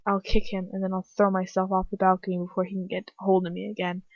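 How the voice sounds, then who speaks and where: A woman's voice: mid-range voice, completely flat delivery, fast talker, no echo. A young woman reading first-person fan fiction aloud at home, breaking off now and then to comment on the text. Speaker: fanfiction reader. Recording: dry, dull home recording.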